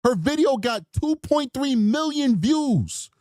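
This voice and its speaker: A man's voice: very high-pitched, takes it slowly, dry recording, clean studio sound. A man in his forties giving rambling, slangy reaction commentary on a true crime case. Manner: rambling, slangy, animated storytelling.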